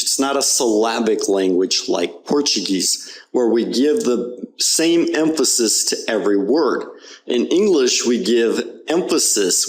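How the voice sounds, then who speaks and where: A man teaching English pronunciation, modeling words slowly and leading repeat-after-me drills. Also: mid-range voice. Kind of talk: pronunciation lesson.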